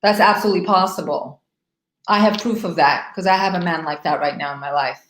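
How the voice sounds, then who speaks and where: A woman's voice: on the low side, brisk, roomy sound, rough recording. Emphatic woman hosting a live stream. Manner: emphatic, animated, talks straight to her viewers. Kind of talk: live stream talk to viewers.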